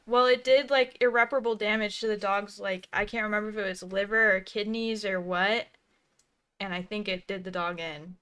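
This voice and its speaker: A young woman co-hosting a commentary stream, chatty and quick to laugh, often trailing off mid-thought. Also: medium pitch, fairly even intonation, sharp tone, clean tone. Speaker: co-host. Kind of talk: casual commentary chat.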